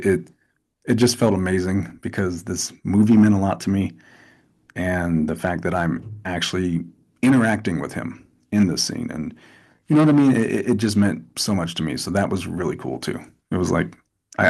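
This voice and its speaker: A man in a casual interview, telling animated stories with lots of restarts and asides. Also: low voice, moderate pace, vocal fry, slightly rough. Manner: animated storytelling with repeated restarts. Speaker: actor, interview guest.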